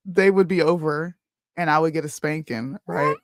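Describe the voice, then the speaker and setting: A podcast co-host with a mid-pitched voice, talking bluntly and frankly in casual conversation. The mic sound is close and dry. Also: a little slow, no room sound. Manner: blunt, frank, says "bro". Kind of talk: casual chat.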